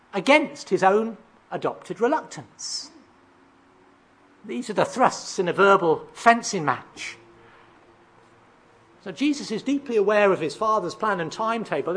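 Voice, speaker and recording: A preacher with a husky, slightly breathy voice walks through a passage verse by verse. The delivery poses rhetorical questions and now and then stumbles into fillers before picking up the thread. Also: mid-range voice, pushed and bright. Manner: expository, asks rhetorical questions, reads out verses; occasional hesitant fillers and restarts. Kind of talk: sermon.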